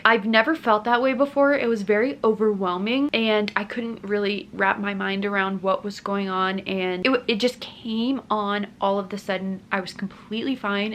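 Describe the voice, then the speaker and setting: A woman's voice: medium pitch, a bit bright, a little hiss or hum. A young woman in her twenties, a family vlogger, earnestly recounting a personal experience in a casual, chatty way with lots of "like" fillers. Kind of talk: casual personal storytelling to camera.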